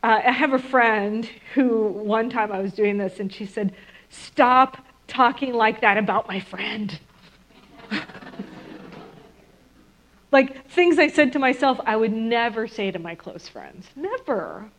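This woman speaks, and her voice sits a little high. She talks to listeners in an earnest, reflective way and slips into mocking inner voices now and then. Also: lively intonation, measured pace, low-quality recording. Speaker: spiritual speaker. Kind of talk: inspirational talk to an audience.

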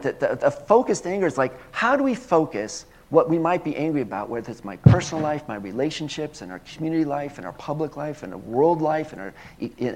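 A man preaching in an earnest, repetitive way, with a voice of ordinary middle pitch. He builds phrases to emphatic peaks and then drops to a soft, unhurried tone to lead a prayer. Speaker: minister. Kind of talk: sermon with guided prayer.

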